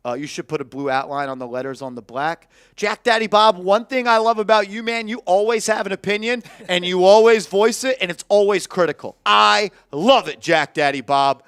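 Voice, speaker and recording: A man with a high, smooth, clear voice hosts a sports talk show. He rants bluntly and with heat, and he swears freely. The recording is dry and close, with no room sound. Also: moderate pace, fairly bright tone, no room sound. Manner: heated, blunt ranting with swearing. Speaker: host.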